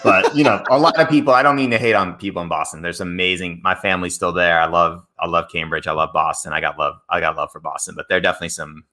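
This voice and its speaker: A man's voice: deep voice, fast talker, hardly any pauses. A man in his thirties from Massachusetts, a guest author telling stories in a casual interview, acting out the voices he quotes. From Massachusetts, USA. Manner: animated storyteller, acts out quoted voices.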